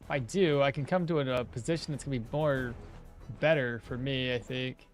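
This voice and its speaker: A man's voice: mid-range voice, brisk, soft background music. A man giving casual gameplay commentary, thinking aloud, chuckling often and answering chat as he plays. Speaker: streamer playing a game.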